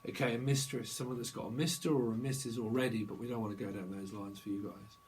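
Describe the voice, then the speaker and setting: A man's voice: medium pitch, fairly even intonation, fast, darkish tone, a little hiss or hum, low-quality recording. A middle-aged man giving a casual tarot reading, rambling and free-associating from one idea to the next. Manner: rambling, free-associating, drifts into playful voices. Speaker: tarot reader.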